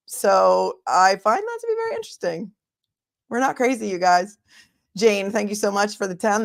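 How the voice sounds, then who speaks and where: A middle-aged woman with a Boston accent hosting a casual livestream as an attorney, reading viewer messages aloud and chatting about the day in court. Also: medium pitch. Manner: chatty, warm thanks to viewers, thinks aloud. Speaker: attorney and trial commentary host. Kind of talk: casual livestream chat reading super chats.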